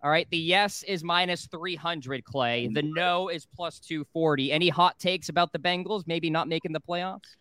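Crisp-voiced man hosting a betting show. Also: a little high, pushed and bright, no room sound. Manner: brisk, steers the discussion, reads out odds. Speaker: host.

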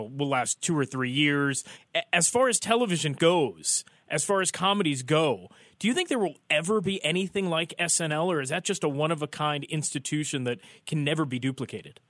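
Radio host guy, kinda high voice, eager questions, dry booth sound. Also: fairly bright tone, dry recording. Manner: enthusiastic, asks leading questions. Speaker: radio talk show host. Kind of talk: radio interview.

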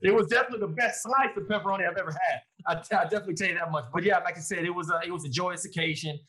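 A man, a former pro football player, telling his story in a casual interview, animated and quoting his own thoughts. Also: high-pitched, racing, rough recording. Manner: animated, lively retelling with quoted inner thoughts.

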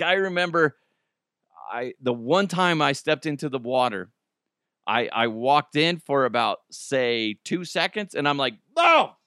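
A man's voice: mid-range voice, a bit bright, dry recording, studio quality. A man hosting a casual comedic news podcast, joking, laughing often and slipping into goofy voices. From United States. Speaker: podcast host.

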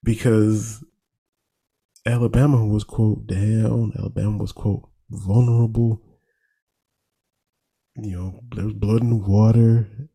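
Gravelly Eastern Kentucky sports talker. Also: male voice, fairly low pitch. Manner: folksy, animated, laughs at his own jokes. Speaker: sports talk host. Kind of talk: casual sports commentary.

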